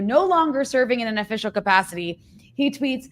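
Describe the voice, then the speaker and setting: A woman's voice: a little high, lively intonation, normal speed. A woman hosting a live online interview, talking in a candid, conversational way and sharply critical. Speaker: show host.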